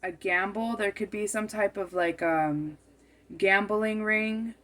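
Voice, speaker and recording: A woman's voice: mid-range voice, steady tone, takes it slowly, fairly bright tone. A woman giving a tarot card reading, musing aloud and often repeating and rephrasing her phrases as she goes.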